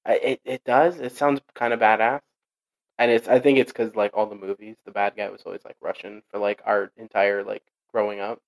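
A man's voice: fairly low pitch, flat delivery, fairly quick, vocal fry, rough recording. Rambling young man in casual chat. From Portuguese heritage. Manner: rambling, many fillers and restarts.

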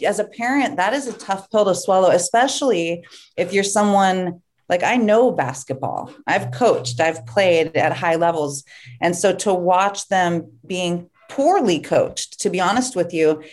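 A woman's voice: fairly low pitch, normal speed, darkish tone. A woman who is a parent and basketball coach, talking candidly in a casual conversation.

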